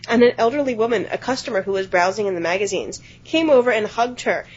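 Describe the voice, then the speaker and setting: A woman co-hosting a podcast, telling a workplace anecdote in a casual, animated way with some offhand swearing. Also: medium pitch, quick pace, a little hiss or hum. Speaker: podcast co-host. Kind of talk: casual storytelling chat. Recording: dull lo-fi podcast audio.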